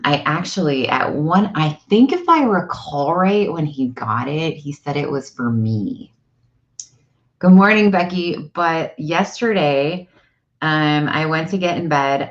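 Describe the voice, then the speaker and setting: A woman in her forties with a low voice chats casually from home as a vlog host. She tells family stories with animated energy. The sound is slightly dull and lo-fi. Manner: animated storyteller. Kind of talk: casual live-stream chat. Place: home, indoors.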